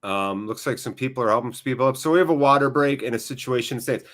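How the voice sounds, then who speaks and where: A man hosting a live football watchalong, commentating and joking excitably and swearing freely. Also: medium pitch, very fast. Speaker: watchalong host. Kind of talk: live match commentary and chat.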